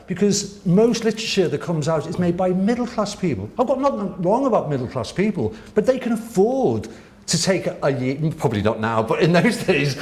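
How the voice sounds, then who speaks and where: A man, a guest telling lively, laughing stories with the odd swear word in a casual interview. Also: sits high. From Wirral, England. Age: 60s. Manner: animated, laughing, swearing raconteur. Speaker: guest artist. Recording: roomy echo.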